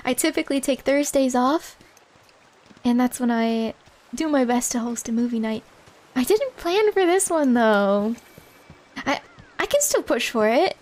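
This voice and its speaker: A woman's voice: sits high, animated, measured pace, pauses often, a little mellow. A woman streamer chatting casually with her viewers while she plays a game, giggling often and sounding a little stuffy-nosed. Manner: giggly, answers chat between game moments. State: stuffy nose. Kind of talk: casual live-stream chat while playing. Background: game music.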